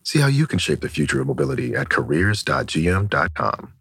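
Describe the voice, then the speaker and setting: A male ad announcer with a very low, husky voice, reading a polished, upbeat recruitment spot. He is recorded close and dry, with no room sound. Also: very animated, brisk, fairly bright tone, no echo. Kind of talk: recruitment ad read.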